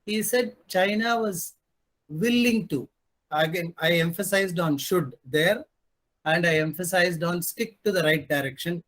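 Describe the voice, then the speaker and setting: A man's voice: high-pitched, measured pace, a bit bright. Male panelist with a slightly raised voice, pointed and wry in his delivery. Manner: emphatic, sarcastic, asks rhetorical questions. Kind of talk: panel discussion commentary.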